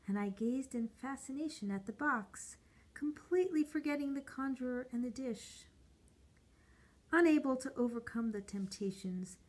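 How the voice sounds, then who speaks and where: A woman gives a slow, deliberate reading of a short story in a mid-range voice. She performs the characters' dialogue in their own voices.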